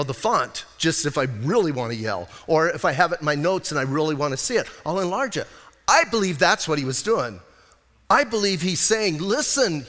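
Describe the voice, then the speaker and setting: Man preaching, casual joking delivery, fairly high voice, long hall reverb. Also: a bit bright. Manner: conversational, joking asides. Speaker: pastor. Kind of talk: sermon. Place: church sanctuary.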